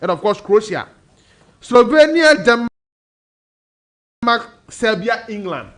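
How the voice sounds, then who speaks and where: A man's voice: sits high, big pitch swings, takes it slowly. A man with a Ghanaian accent analysing football on a radio sports panel, switching between Twi and English and reeling off team names. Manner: mixes Twi and English, lists teams in bursts.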